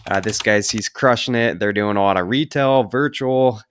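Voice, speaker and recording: A man's voice: on the low side, normal speed, slight background noise. A man hosting a podcast, introducing a guest in an upbeat, loose way with fillers. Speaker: podcast host.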